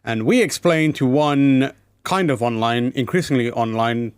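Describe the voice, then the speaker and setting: A man hosting a laid-back podcast, rambling through his points with plenty of ums and uhs. His voice is medium in pitch and sits close and dry on the mic, with no room sound at all. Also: measured pace, clean tone, no echo. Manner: rambling, fillers, playful. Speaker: podcast host. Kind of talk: casual chat.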